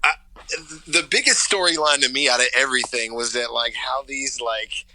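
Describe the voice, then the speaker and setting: A man's voice: medium pitch, normal speed, sharp tone, no room sound, low-quality recording. A man talking as a guest in a casual chat, rambling with lots of filler words. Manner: rambling, lots of "like" and "you know". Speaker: guest on a phone call.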